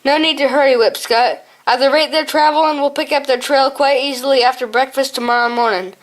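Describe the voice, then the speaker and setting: A woman's voice: sits high, steady tone, fairly quick, lightly acted, low-quality recording. A woman voicing a stern male badger lord in an audiobook. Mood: amused.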